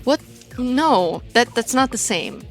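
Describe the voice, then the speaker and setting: A woman's voice: fairly high pitch, lively intonation, slow pace, faint music behind. A young woman streaming a game, chatting casually in a rambling, giggly way with lots of filler words. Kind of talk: casual chat while gaming.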